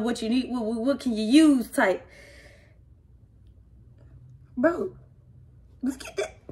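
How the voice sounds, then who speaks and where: An excitable young woman talks casually through an unboxing, gushing and exclaiming in a slightly high voice. Her reactions swing between loud delight and softer, touched murmurs, with plenty of slang. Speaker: vlogger opening gifts.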